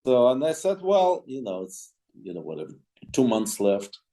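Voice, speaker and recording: A man's voice: mid-range voice, very animated, normal speed, warm tone. A man, a clarinetist, telling an anecdote in an interview, with frequent restarts and quoted dialogue. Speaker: clarinetist guest. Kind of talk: storytelling in an interview.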